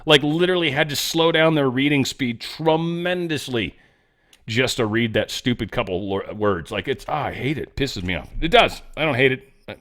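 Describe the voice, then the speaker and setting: A man's voice: medium pitch, animated, normal speed, a bit bright. A man hosting his own show, reading news stories aloud and riffing on them in a rambling, sarcastic way with profane asides. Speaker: podcast host. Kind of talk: casual news commentary monologue.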